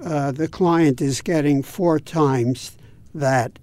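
A man speaking as a guest on an interview, explaining things in a measured, patient way. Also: a little high, darkish tone. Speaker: guest from a home repair volunteer group. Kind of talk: interview answers.

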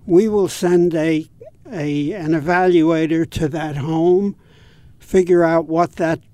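A man speaking as a guest on an interview, explaining things in a measured, patient way. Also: fairly high pitch, fairly even intonation, warm tone, no room sound. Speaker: guest from a home repair volunteer group. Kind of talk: interview answers.

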